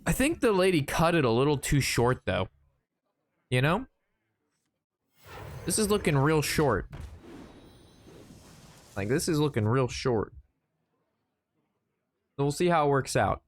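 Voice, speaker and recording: A man's voice: fairly high pitch, sing-song, measured pace, long pauses. A young man streaming a card game, chatting casually with playful jokes and mock sportscaster asides. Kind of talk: casual gameplay commentary.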